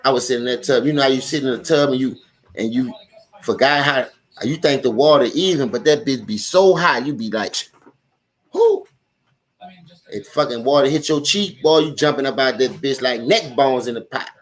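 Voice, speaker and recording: A man's voice: mid-range voice, a little fast. A young man with a New Orleans accent, ranting profanely and animatedly about football as a live-stream host, speaking straight to his viewers. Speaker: sports commentary host.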